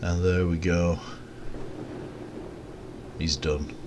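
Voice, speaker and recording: A man giving casual, rambling commentary over a recorded game, with relaxed, self-mocking asides. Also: low-pitched, extremely slow, background noise. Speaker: gameplay commentator.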